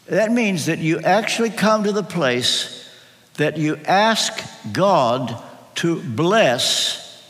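An older man preaching a sermon as a pastor, telling a personal story earnestly with emphatic pauses and repetitions. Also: on the high side, expressive, a bit bright. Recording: long reverb of a large hall.

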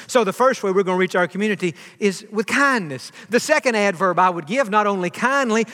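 High-voiced preacher in a reverberant hall. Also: male voice, sharp tone. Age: 50s. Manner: earnest, repeats words while building a point. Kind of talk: sermon.

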